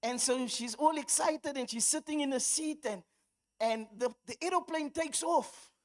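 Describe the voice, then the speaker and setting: A South African woman preaching with a high, bright-toned voice. She tells stories at an easy pace, then rises into fervent repetition and calls to the congregation. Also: normal speed. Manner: storytelling, rising into fervent exhortation. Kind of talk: sermon.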